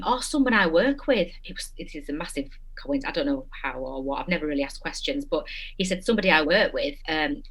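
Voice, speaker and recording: Woman guest, slightly low voice, animated storyteller in a casual interview. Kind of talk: casual chat.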